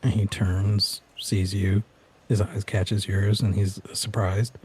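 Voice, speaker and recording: A man's voice: lowish voice, flat delivery, slow, background noise. A man running a tabletop game as game master, narrating scenes in a loose, descriptive way with fillers.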